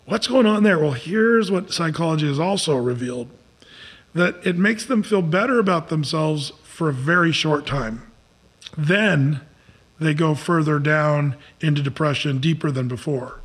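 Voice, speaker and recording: A man's voice: fairly high pitch, unhurried, slightly rough. A man preaching in a loose, conversational sermon, telling the story dramatically with many fillers and restarts.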